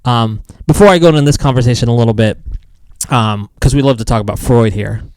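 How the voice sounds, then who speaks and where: A man's voice: medium pitch, brisk, a little mellow, clean tone, no echo. A man co-hosting a casual podcast, joking and rambling with lots of fillers. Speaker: podcast co-host.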